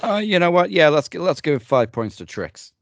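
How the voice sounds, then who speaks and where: Man, low voice, lively, wry joking, casual podcast chat, dry sound. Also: moderate pace, no room sound, lo-fi sound. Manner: wry, joking, runs the points segment. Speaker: podcast co-host.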